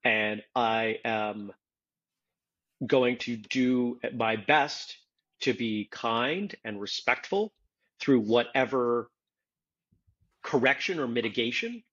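A man's voice: medium pitch, slow pace, long pauses, fairly bright tone, breathy edge, highs cut off. A man hosting a casual podcast discussion, explaining his points earnestly and step by step. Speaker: podcast host, martial arts instructor.

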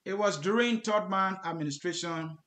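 A man pushes back hard in a debate, firmly repeating his claims. His voice is high for a man, and the studio around him sounds roomy and echoey. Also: normal speed, a bit bright. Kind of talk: heated debate.

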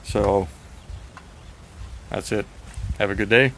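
A man chatting in a rambling, frank video diary, slightly raspy and short of breath. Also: fairly low pitch, steady tone, takes it slowly, a bit bright, a little hiss or hum, rough recording. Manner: rambling, frank, swears at times. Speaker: vlogger.

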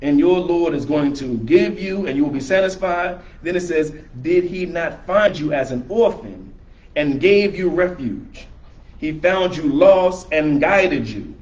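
A man's voice: on the high side, darkish tone, highs cut off. A man teaching a Quran class to a small group in a room, explaining each verse in plain conversational words. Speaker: religious teacher. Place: room with a small audience, filmed by camera.

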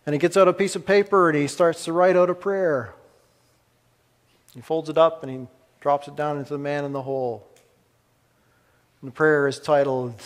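Male pastor preaching in an echoey hall. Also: on the high side. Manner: dramatic pauses, swings from emphatic to hushed. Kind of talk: sermon.

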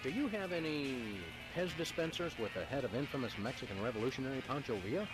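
A man playing a deadpan dog detective. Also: medium pitch, quick pace, lightly acted, poor audio. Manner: deadpan, dry questions. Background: game music.

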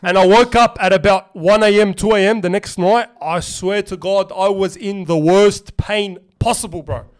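Young guy with a high voice, animated storytelling, swears a ton, casual podcast chat. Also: moderate pace, hardly any pauses. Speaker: podcast co-host.

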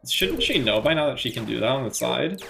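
A man's voice: medium pitch, lively intonation, brisk, vocal fry, music in the background. A man in an online gaming voice chat, puzzled and self-mocking.

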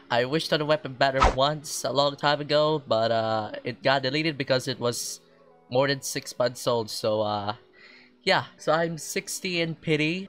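A young man hosting a gaming vlog, melodramatic, going from nervous pleading to loud, frustrated ranting. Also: medium pitch. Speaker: gaming video creator.

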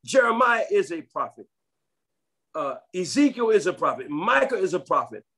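A man's voice: high voice, very animated, moderate pace, pushed and bright, husky. A man preaching a sermon, reading scripture aloud and breaking in with emphatic comments, repeating phrases for stress. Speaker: pastor.

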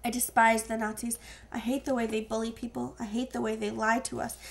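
A woman's voice: on the high side, level tone, a little fast, vocal fry. A woman voicing a defiant teenage boy who speaks earnestly and bitterly.

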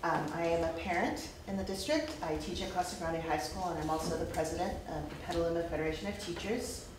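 A woman teachers' union president giving a formal, measured public comment to a school board. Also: on the low side. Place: board meeting room. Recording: very echoey room, distant mic, noisy.

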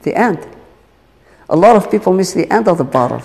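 Male lecturer addressing a congregation; slow, emphatic rhetorical questioning; echoey hall recording. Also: sits high, animated, darkish tone. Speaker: Islamic teacher. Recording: long reverb of a large hall.

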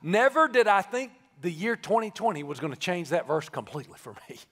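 A man preaching a live sermon as pastor, conversational and joking, then building to shouted emphasis. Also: high-pitched, big pitch swings, a little fast. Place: church sanctuary, live service. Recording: live church with long reverb.

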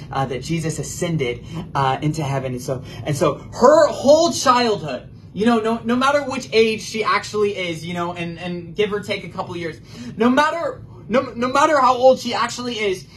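A high-pitched man delivers an impassioned sermon, earnest and prayerful in tone. His delivery swings between loud, urgent bursts and hushed, almost whispered passages. A faint hiss of noise sits under the voice. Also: poor audio. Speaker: preacher.

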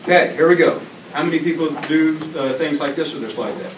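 A middle-aged man giving an energetic, interactive presentation to a school class, often asking the children questions. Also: a little high, a little fast. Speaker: guest presenter. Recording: echoey classroom taped from far off with noise.

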